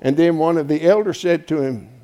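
A man preaching a folksy Bible teaching sermon, quizzing his congregation and swinging between hushed asides and loud, emphatic points. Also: a little high, brisk. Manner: asks the congregation questions and draws answers; homespun and colloquial, with frequent "folks" and "ain't".

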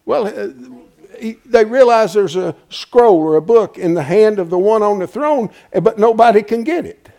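A man with a high voice preaches a homespun Bible teaching sermon. He keeps quizzing the congregation and drawing answers from them. He drops to hushed asides, then rises to loud, emphatic peaks. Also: expressive, normal speed, creaky. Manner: asks the congregation questions and draws answers; homespun and colloquial, with frequent "folks" and "ain't".

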